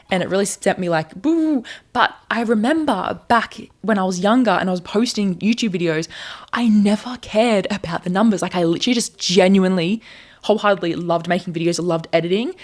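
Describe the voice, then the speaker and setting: A young woman in her twenties talking candidly to camera in a confessional vlog, earnest and rambling as she reflects on herself. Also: lowish voice. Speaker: content creator.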